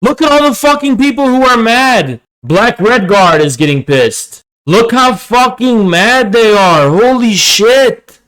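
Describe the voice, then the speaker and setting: A man hosting a livestream, ranting heatedly and with a lot of profanity, his pitch swinging up and down. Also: animated, measured pace, fairly bright tone, rough recording. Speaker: streamer host.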